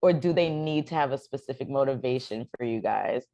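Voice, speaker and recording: A woman's voice: extremely low pitch, a little fast, warm tone, lo-fi sound. A woman hosting a casual podcast chat, laughing easily and reacting with exclamations. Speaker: podcast host.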